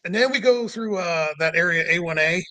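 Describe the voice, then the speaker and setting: A man's voice: high voice, brisk, bright, forceful tone, no echo. A man casually telling a long road trip story, full of "like" and "you know", acting out what people said. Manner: rambling, many "like" and "you know" fillers; acts out quoted people with rising voice.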